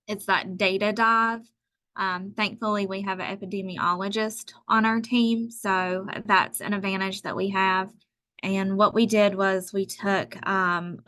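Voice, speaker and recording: Een vrouw die in een webinar via een videogesprek ongedwongen vertelt over het werk van haar gezondheidsteam, met veel aarzelingen. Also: female voice, fairly low pitch, sharp tone. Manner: conversational, many fillers. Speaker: tribal health department presenter. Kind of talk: webinar talk.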